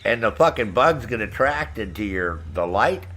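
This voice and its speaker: A man's voice: fairly low pitch, lively intonation, moderate pace, a bit bright. A middle-aged man streaming a game, chatting with viewers in a brash, profane way and laughing often. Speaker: gaming streamer. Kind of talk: casual chat with stream viewers.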